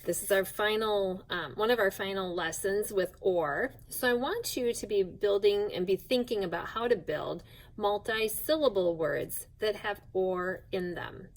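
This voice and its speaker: A woman teaching a phonics lesson to young children, speaking slowly and clearly and spelling out each sound with patience. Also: medium pitch, poor audio.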